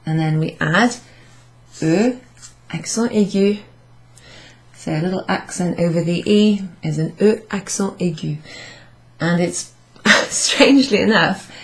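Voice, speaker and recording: Slow, low-voiced woman teaching French. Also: darkish tone. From Wales. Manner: patient, repeats and models French phrases slowly. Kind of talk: classroom grammar lesson. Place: pub function room, indoors.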